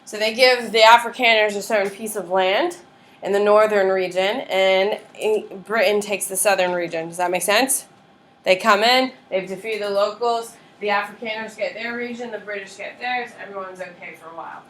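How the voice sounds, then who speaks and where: Lively woman teacher in a roomy classroom. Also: mid-range voice, moderate pace. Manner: lively, checks in with students often. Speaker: history teacher. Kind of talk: classroom lecture. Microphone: far camera. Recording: roomy classroom audio from a distant camera.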